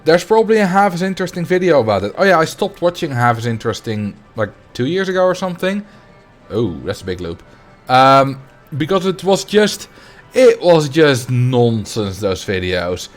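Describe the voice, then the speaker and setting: Chatty streamer man with lively pitch. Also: moderate pace, soft background music. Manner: rambling, chatty, reads and answers chat. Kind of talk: casual livestream chat while playing.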